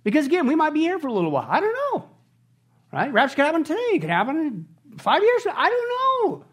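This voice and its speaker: A middle-aged male pastor preaching a sermon, animated and often shouting on his high points. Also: fast talker.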